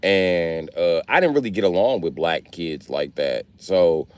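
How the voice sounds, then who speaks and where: A man's voice: low voice, animated, a little slow, clean tone. A young man live-streaming, chatting casually and profanely with his viewers in a loose, rambling way. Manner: rambling, profane, talks straight to chat. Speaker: livestreamer.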